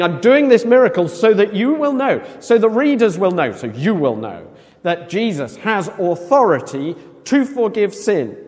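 Animated preacher in an echoing hall. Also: male voice, sits high. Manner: animated, conversational, acts out quoted voices. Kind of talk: sermon. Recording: long echo of a large hall.

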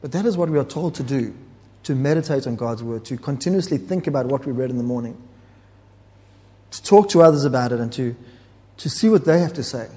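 A man's voice: medium pitch, lively intonation, brisk, dark tone. A man preaching a sermon in an earnest, explanatory way, often restarting his phrases. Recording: long hall reverb.

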